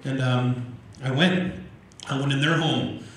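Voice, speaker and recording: A man's voice: medium pitch, slow pace, far from the mic. A man from Canada giving a live public talk as an Indigenous organizer, telling stories and acting out the exchanges he describes, often repeating words as he restarts. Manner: animated storyteller acting out quoted exchanges. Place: large event room with audience. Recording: very roomy hall echo, faint ambience.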